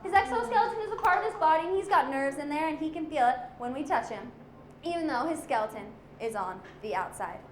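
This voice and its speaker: A high-pitched woman leads a children's animal talk, playful and constantly quizzing the audience. Her voice rings in an echoey room with faint background noise. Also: quick pace. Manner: lively, playful, asks the audience questions. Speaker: zoo educator.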